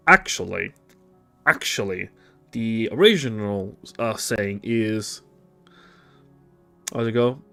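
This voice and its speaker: A man's voice: fairly low pitch, slow, vocal fry, pauses often, bright, forceful tone, soft background music. A man streaming a video game, making wry, profane asides between the lines he reads aloud. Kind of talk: casual commentary while reading game dialogue.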